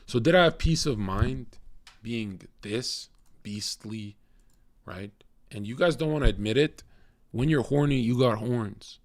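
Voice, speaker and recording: A man streaming live rants bluntly and profanely at his chat, confrontational in a casual way. His mid-range voice is unhurried, and there's no room sound.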